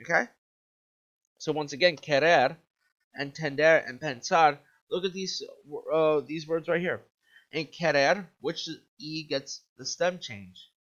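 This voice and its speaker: A man's voice: fairly high pitch, slow pace, fairly bright tone. A male Spanish teacher giving an upbeat video lesson, checking in with "okay?" and quizzing the viewer. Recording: dull lo-fi recording.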